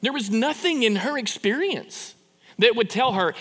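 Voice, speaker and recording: Animated high-voiced preacher in a hall. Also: male voice, moderate pace, slightly rough. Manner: animated, conversational preaching with rhetorical questions and repeated restarts. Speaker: pastor. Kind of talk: sermon.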